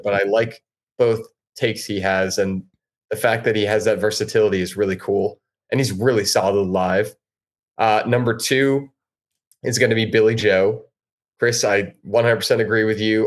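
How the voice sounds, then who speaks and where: A man who is a guest musician on a podcast, talking casually and with enthusiasm, rambling a little as he goes. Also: on the low side.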